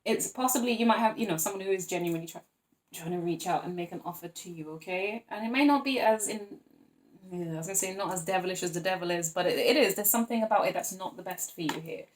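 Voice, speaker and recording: A woman giving a casual tarot reading to her viewers, chatty and animated, acting out little scenes and laughing often. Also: lowish voice, fast. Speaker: tarot reader.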